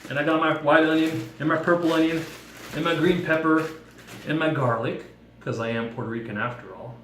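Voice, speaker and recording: Animated man telling a story in an echoey room. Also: on the high side, fairly quick, slight background noise. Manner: animated storyteller, jokey and expressive. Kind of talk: playful devotional talk with props. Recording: echoey room, mic at a distance.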